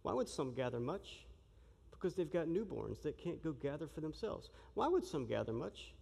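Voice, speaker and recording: A man preaching a sermon in an animated, joking way, acting out the shouting crowd as he tells the story. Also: fairly high pitch, normal speed, creaky, slightly rough. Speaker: pastor. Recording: long reverb of a large hall.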